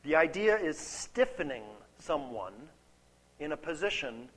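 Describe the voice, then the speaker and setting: Man teaching scripture, slightly high voice. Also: big pitch swings, unhurried, fairly bright tone, low-quality recording. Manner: conversational, checks in with "okay?" and "right?"; repeats key words for emphasis. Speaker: Bible teacher. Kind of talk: expository Bible teaching.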